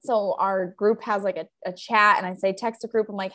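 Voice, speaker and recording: A woman's voice: medium pitch, moderate pace. A woman in her thirties chats on her podcast, recorded at home under a blanket. She tells her story casually and brings it to life by acting out the voices of the people in it. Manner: animated storyteller, acts out quoted voices. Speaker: podcast co-host.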